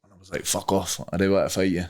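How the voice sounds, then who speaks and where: A man's voice: low voice, little pitch movement, quick pace, darkish tone. A young Scottish man, a podcast guest, telling a rambling story casually, swearing freely and using many fillers. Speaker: guest, MMA fighter.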